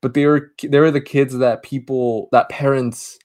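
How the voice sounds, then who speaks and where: A man's voice: mid-range voice, fairly even intonation, normal speed, darkish tone. Rambling man retelling a movie plot. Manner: rambling retelling with many restarts. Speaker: podcast co-host. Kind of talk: casual movie review chat.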